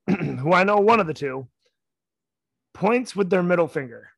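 A young man co-hosting a podcast, telling stories in a loud, animated, casual way. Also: high voice, a little slow, creaky, slightly rough, no echo. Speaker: podcast co-host. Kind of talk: casual chat.

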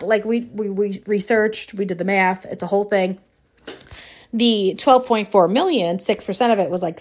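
A woman in her forties hosting a podcast, telling a personal story in a casual, animated way, with frequent laughs and fillers. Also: medium pitch. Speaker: podcast host.

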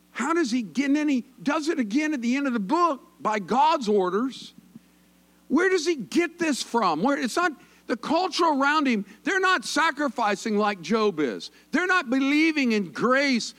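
Pastor, man, folksy joking sermon, high animated voice. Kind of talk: conversational sermon.

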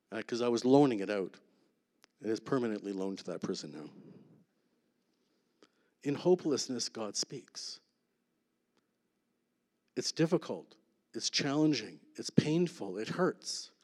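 A man sharing a personal testimony at a church, earnest, with dramatic pauses and soft, intense endings. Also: mid-range voice, expressive, long reverb tail. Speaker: guest speaker.

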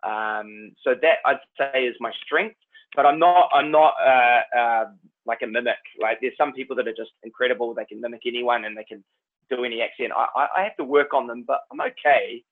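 A man's voice: mid-range voice, a little fast. Kiwi guy, easygoing rambly talk, sounds like hes on a phone line. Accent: New Zealand. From New Zealand. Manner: laid-back, rambling, says "man" and "like" a lot. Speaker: actor, guest. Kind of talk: casual chat.

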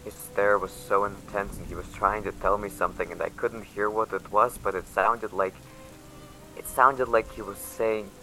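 A man narrating in the first person as a frightened young survivor, quiet and tense. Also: lowish voice, steady tone, moderate pace, soft background music, low-quality recording. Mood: shaken. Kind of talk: audio drama narration.

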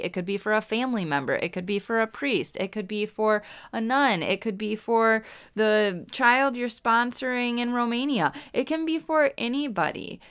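A woman's voice: mid-range voice, fairly bright tone, smooth. A young woman hosting a faith talk, speaking earnestly and from the heart in a reflective devotional manner. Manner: earnest, heartfelt, near tears at times. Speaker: faith podcast host.

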